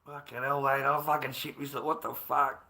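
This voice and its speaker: A man's voice: medium pitch, little pitch movement, moderate pace, bright, forceful tone. A middle-aged man livestreaming, rambling in casual chat with heavy swearing and an agitated, repetitive way of talking.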